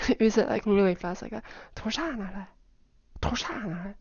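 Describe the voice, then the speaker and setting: A woman giving a casual explanatory lesson, demonstrating pitch with sung "da" syllables and quickly repeated words, chatty with frequent "like" fillers. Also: no echo, muffled recording. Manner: chatty, with many "like" fillers and soft asides. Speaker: language teacher.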